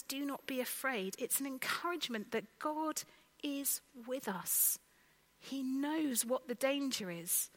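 A woman preaches a sermon in a chatty, conversational way and often puts questions to her listeners. Her voice is bright and forceful and sits a little high. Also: rough recording. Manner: conversational, lively, asks the listeners direct questions.

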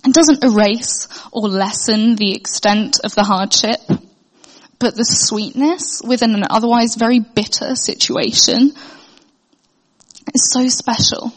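A woman's voice: fairly high pitch, fairly even intonation, a little slow. Earnest young Englishwoman in a reverberant hall. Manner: hesitant, many fillers and restarts; earnest, heartfelt. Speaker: speaker sharing a testimony. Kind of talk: personal faith testimony.

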